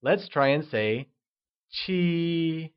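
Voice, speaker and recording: Slow, deliberate male language teacher. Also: medium pitch, lively intonation, lo-fi sound. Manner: slow, deliberate, models words for repeating. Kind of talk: scripted language lesson narration.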